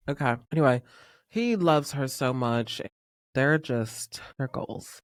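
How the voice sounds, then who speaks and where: A man hosting a casual pop music podcast, talking in an excitable, gushing fan manner with sudden whispers. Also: mid-range voice, slow pace, dry recording, studio quality. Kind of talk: casual chat.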